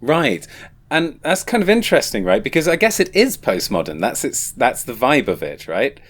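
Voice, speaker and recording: A man's voice: mid-range voice, very animated, moderate pace, fairly bright tone. A man guest on a podcast, chatting casually, laughing often and trading jokes. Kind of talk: casual conversation about comedy.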